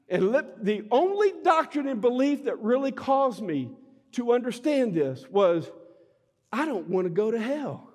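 A middle-aged man preaching a sermon in a lively, joking way, breaking into sudden shouts. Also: extremely high pitch. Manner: animated, jokey preaching with laughs and sudden shouts. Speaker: pastor. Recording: long hall reverb.

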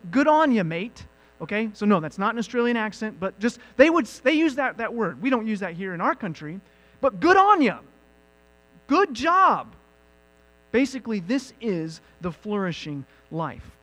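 Male pastor, high and animated preaching voice, faint mains hum. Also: poor audio. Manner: animated teaching with emphatic asides. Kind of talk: sermon.

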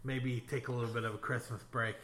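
A man hosting a podcast, chatting casually about movies and TV, laid-back and quick to laugh as he asks his co-host questions. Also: medium pitch, level tone, fairly bright tone, roomy sound.

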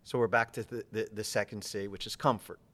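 A man's voice: on the low side, steady tone, brisk, a bit bright. Emphatic male speaking coach. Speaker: podcast guest, public speaking coach. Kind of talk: casual interview chat.

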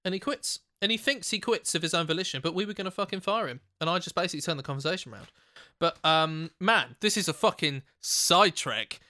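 A man, a podcast co-host, telling an animated, sweary anecdote in casual chat. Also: high-pitched, quick pace, no echo, clean studio sound.

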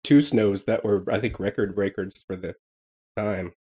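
Husky-voiced Southern man, easygoing. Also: on the low side, normal speed, mellow. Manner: easygoing, agreeable. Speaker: podcast guest. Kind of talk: casual chat.

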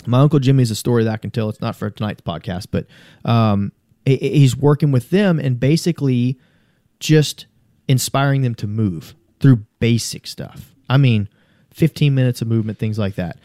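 A man's voice: medium pitch, normal speed, dark tone, no echo, clean studio sound. A man talking as a podcast guest, telling long, rambling stories in a casual, earnest way and swearing freely. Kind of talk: casual conversational storytelling.

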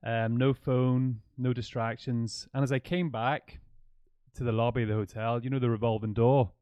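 A man hosting a running podcast, telling stories in a lively, laughing way. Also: mid-range voice, moderate pace, smooth, no room sound, highs cut off. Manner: animated storyteller, laughs often. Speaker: podcast host. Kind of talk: conversational interview.

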